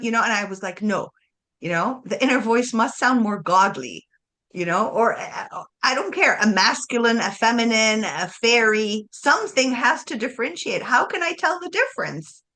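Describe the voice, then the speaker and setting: A woman chatting casually about spirituality, animated, laughing often and acting out voices. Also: on the high side, normal speed.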